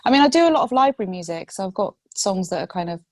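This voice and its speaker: A woman from Bristol, a singer-songwriter guest, chatting casually on a video call with halting restarts. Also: mid-range voice, sing-song, darkish tone, dry recording. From Bristol, England. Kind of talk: casual interview chat.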